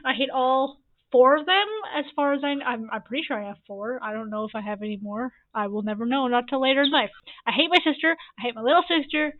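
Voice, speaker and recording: A woman in her early twenties telling rambling sibling stories over gameplay, repeating herself and adding quick asides. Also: sits high. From Canada. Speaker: gaming YouTuber. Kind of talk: casual storytime over gameplay. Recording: tinny phone-like audio.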